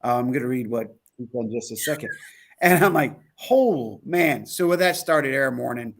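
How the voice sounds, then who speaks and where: A man's voice: medium pitch, brisk. A man co-hosting an online talk show, telling a trip story in casual chat, acting out quotes and laughing often. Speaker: podcast co-host.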